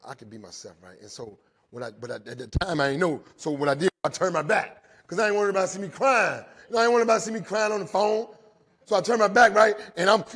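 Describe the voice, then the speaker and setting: A middle-aged man with a husky voice, a bit bright and on the high side, gives an earnest recovery testimony live to inmates inside a jail. He ends almost every sentence with "right?" and repeats his phrases as his story unfolds.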